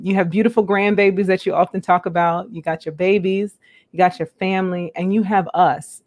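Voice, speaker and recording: A woman hosting a live online interview, earnest and halting with many ums, laughing often, over a video call. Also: lowish voice, darkish tone. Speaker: host.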